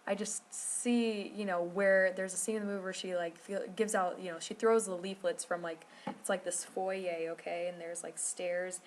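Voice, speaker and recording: A woman's voice: on the low side, level tone, moderate pace, a little hiss or hum. A woman telling a rambling travel story to camera, full of fillers and restarts. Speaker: vlogger.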